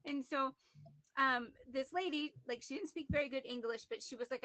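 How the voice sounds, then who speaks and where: A woman on a video call telling a story in a chatty, animated way, acting out what people said. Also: high voice, fairly quick, dry recording. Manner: chatty, animated, quotes people in lively voices. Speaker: guest.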